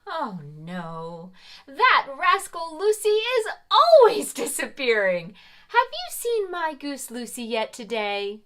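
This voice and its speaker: A woman's voice: high voice, wildly swooping pitch, slow, a bit bright. A woman playing Mother Goose, hosting an interactive preschool story time in a sing-song manner. She talks straight to young children, with big gasps and exclamations.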